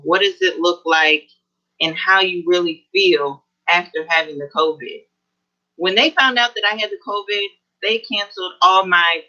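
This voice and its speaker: A woman guest on an online interview, talking in an earnest, halting way about her experience. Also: on the low side, bright, forceful tone. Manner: earnest, halting with frequent pauses. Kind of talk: personal testimony in an online interview. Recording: dull lo-fi video call audio.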